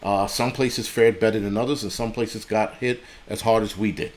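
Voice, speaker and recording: A man's voice: fairly low pitch, steady tone, normal speed. Middle-aged man from the United States, live-stream host, casual, swears a lot, keeps sidetracking to thank donors. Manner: profane, rambling, sidetracks to read donations.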